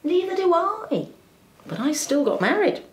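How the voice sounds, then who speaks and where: An actress playing a blunt, tactless woman therapist who talks in a sing-song way with abrupt jumps in pitch, in a sitcom. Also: sing-song, a little slow, echoey room, heavily acted. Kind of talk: sitcom acting.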